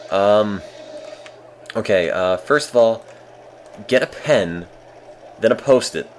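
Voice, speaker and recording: A man chats through a game on a live stream in a deep, low voice. His delivery is deadpan and dryly self-mocking, with a faint ambient hum in the background. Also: slow. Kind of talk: casual live-stream commentary.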